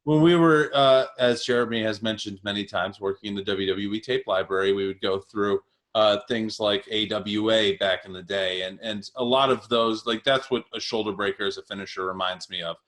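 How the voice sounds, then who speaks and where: A man in his thirties co-hosting a podcast speaks at normal speed with few pauses, his lowish voice steady in tone and a bit bright. It's a casual, animated chat marked by frequent laughs and filler words.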